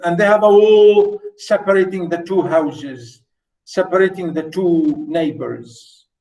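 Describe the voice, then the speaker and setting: A man's voice: fairly high pitch, darkish tone. A man giving a classroom lecture on poetry, repeating himself and asking the class rhetorical questions. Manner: repetitive, rhetorical questions, many "you know"s. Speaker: literature lecturer. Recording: voice from far off the mic.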